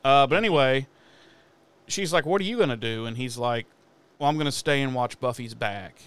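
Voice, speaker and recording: A man's voice: medium pitch, normal speed, clear, resonant tone. A man casually recapping a TV episode, swearing freely and acting out the characters' lines. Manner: animated, swears a lot, acts out characters' lines. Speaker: podcast co-host recapping an episode. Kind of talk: casual profane recap chat.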